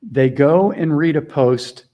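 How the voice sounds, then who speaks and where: A middle-aged man mentoring a group on a video call, talking earnestly and casually, shifting between quiet asides and emphatic points. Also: fairly high pitch, takes it slowly, muffled recording. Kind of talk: casual teaching talk.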